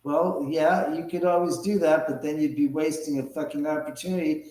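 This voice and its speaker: A man's voice: fairly high pitch, steady tone, moderate pace, a little mellow, roomy sound, low-quality recording. A man hosting a live stream, talking casually in a sarcastic, needling way and swearing often. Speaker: livestream host.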